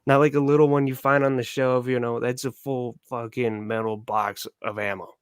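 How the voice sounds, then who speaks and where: A man's voice: mid-range voice, flat delivery, normal speed, clean tone, no echo. Rambling man with a dry sound. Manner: rambling, many fillers. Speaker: co-host. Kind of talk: casual chat.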